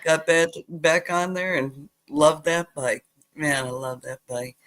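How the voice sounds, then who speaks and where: An older woman telling childhood stories in a casual chat, animated as she retells them. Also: sits low, slow pace. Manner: animated retelling with acted quotes. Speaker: guest.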